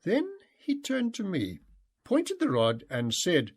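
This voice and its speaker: A man reads a memoir aloud with an unhurried, deliberate pace. His voice sits a little high for a man and swings widely in pitch as he brings the story to life. The delivery stays expressive and dramatic throughout. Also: husky. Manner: expressive, acts out shouted and excited dialogue. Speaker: audiobook narrator. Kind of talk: memoir audiobook narration.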